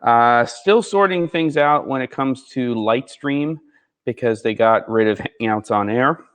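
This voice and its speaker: In an unhurried voice of medium pitch with a clear, resonant tone, a man runs a live gear show from a barn studio's second floor. It's casual live-stream chat: he reads viewers' comments and talks with them, sounding slightly sleepy in the morning.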